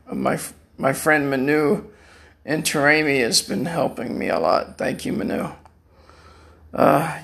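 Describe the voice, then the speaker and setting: A man's voice: mid-range voice, creaky, fairly bright tone. An older man in chronic pain, rambling through a personal monologue as a podcast guest from a room at home, repeating words and laughing at his own jokes.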